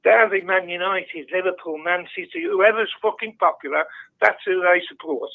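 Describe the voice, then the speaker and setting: A man's voice: high voice, expressive, moderate pace, gravelly. Blunt Brummie man over a tinny phone. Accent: Birmingham. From Birmingham, England. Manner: blunt, heavy swearing, ranting. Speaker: phone-in caller. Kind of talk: casual football chat. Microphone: telephone.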